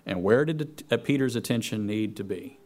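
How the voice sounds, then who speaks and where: A man's voice: on the low side, lively intonation, a little fast, darkish tone. A man preaching a sermon, reading scripture aloud and repeating key phrases for emphasis. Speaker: pastor.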